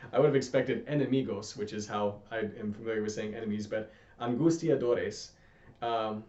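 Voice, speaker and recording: A man teaching a casual Spanish lesson, rambling with fillers and slowing down to read passages carefully. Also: lowish voice, steady tone, a little mellow. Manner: rambling, with many fillers, slows to careful deliberate reading. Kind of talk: casual home lesson with read-aloud practice. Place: room at home with a fan running. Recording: roomy, distant, slightly dull home recording.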